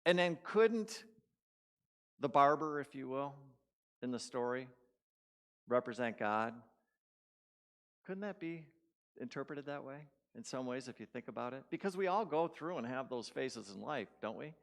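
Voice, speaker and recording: A man's voice: mid-range voice, expressive, measured pace, creaky, pauses often, fairly bright tone. A man giving a sermon in a church, telling a story conversationally and putting questions to the congregation. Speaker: guest speaker at a spiritual community.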